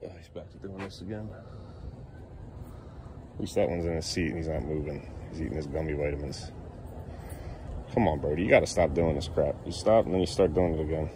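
This dad speaks in a bass voice at a brisk clip, broken by long pauses, with background noise audible. He's holding the camera on himself for a relaxed family vlog at home, joking around and cajoling his little boys in the kitchen.

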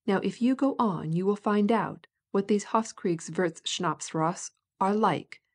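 A woman's voice: medium pitch, unhurried. Woman reading as a scornful old prince. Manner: blustering, sarcastic.

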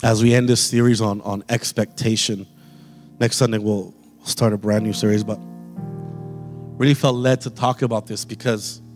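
A man's voice: lowish voice, level tone, moderate pace, a little mellow, soft background music. A male pastor preaching a sermon with passion, speaking straight to his congregation. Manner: impassioned preaching, addresses the congregation directly. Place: church sanctuary. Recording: long reverb of a church hall.

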